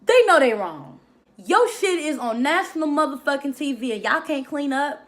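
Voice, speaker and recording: A woman's voice: high voice, big pitch swings, moderate pace. A woman giving a casual, profane and sassy review of a reality TV episode, with emphatic commentary. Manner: mocks people by mimicking their lines. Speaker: reality TV recap vlogger.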